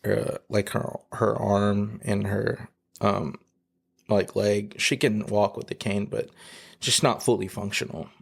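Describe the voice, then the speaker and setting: A man shares a personal testimony in a low, flat, gravelly voice with a husky edge. He talks haltingly, full of fillers and restarts, and he is close to tears. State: emotional, near tears. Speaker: podcast guest.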